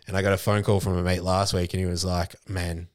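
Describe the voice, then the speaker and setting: An Australian man with a low, deep voice talks in a relaxed podcast chat, slipping into little acted-out voices as he tells stories. He swears casually, and the sound is dry and close with no room echo. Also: quick pace. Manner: storytelling, acts out quoted voices, casual swearing. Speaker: charity CEO and mental health educator.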